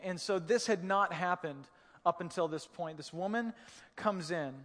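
A man, a pastor, preaching a sermon in a relaxed storytelling way, with humor and vivid retellings. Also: high-pitched, long reverb tail.

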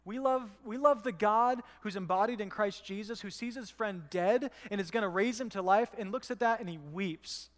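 Pastor guy preaching, high voice, lots of "right?", big echoey church hall. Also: normal speed, few pauses. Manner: conversational, asks the room "right?". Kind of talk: sermon. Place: church sanctuary. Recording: church hall with long reverb.

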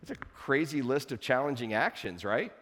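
A man's voice: mid-range voice, big pitch swings, moderate pace, fairly bright tone. Man preaching in a reverberant church. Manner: conversational, playful asides to the congregation. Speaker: pastor. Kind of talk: sermon. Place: church sanctuary.

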